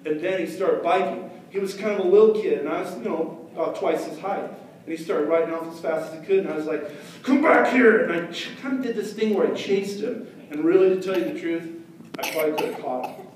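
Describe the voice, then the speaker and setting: A man's voice: a little high, fast talker, darkish tone. A man telling a story live to a crowd of kids, chatty and asking them questions. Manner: chatty, asks the audience questions. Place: storytelling festival hall. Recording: echoey hall from far off, noisy.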